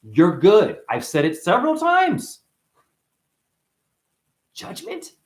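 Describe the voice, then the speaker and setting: Heated man, lively high-pitched voice. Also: moderate pace. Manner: passionate, defensive, swinging between agitated and conciliatory. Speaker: livestream host. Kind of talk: heated livestream chat reading comments.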